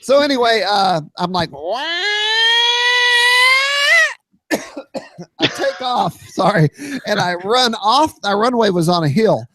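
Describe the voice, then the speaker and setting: Excitable man telling a story. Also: high voice, moderate pace, background noise. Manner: excitable, shouts sound effects and quoted voices. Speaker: podcast host. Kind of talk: animated storytelling on a podcast.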